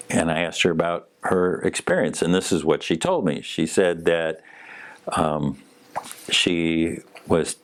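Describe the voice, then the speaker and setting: A man hosting a podcast, telling a personal story in an unhurried, conversational way with frequent fillers. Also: deep voice. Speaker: podcast host.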